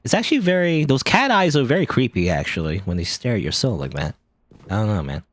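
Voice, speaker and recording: A man's voice: medium pitch, sing-song, fast. A man casually commentating on a video game as he plays it, chatty and rambling. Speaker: let's play host.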